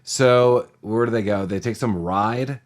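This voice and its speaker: A man's voice: lowish voice, a little slow. A man co-hosting a podcast in a casual movie-recap chat, rambling and jokey, acting out lines from the film. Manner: rambling, jokey, acts out quotes. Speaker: podcast co-host.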